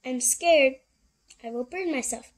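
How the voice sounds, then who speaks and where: A woman's voice: sits high, unhurried. A woman voicing a timid, worried mother cat in a picture book, reading anxiously.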